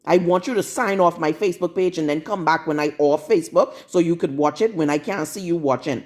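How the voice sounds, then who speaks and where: A woman's voice: on the low side, a little fast, a little mellow. A woman preaching a live-streamed sermon in a blunt, scolding, confrontational manner. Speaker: prophetess.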